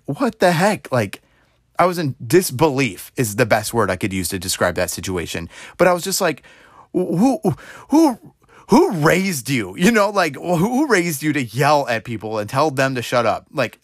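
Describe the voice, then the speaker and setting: A man in his twenties telling a story in a casual monologue, rambling and filling gaps with "like", getting animated as he retells it. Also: medium pitch, no room sound, studio quality. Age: 20s. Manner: rambling, heavy use of "like" fillers; animated retelling with rising exclaims. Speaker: podcast host.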